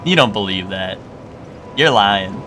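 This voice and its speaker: Over background music, a man with a lowish, expressive voice speaks a little slowly as he plays a game on stream. His casual talk rambles, he corrects himself, and he argues with his chat in a playful way.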